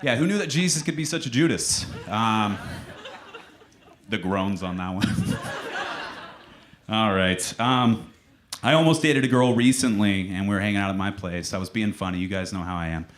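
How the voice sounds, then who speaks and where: A young man doing a stand-up comedy set on a club stage, with a dry, deadpan delivery that sinks into mock-solemn quiet. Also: fairly low pitch, moderate pace.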